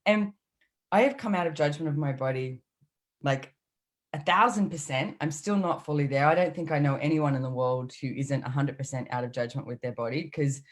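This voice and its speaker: Woman, low voice, middle-aged, chatty podcast guest, animated storytelling. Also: a little fast. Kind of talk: casual chat.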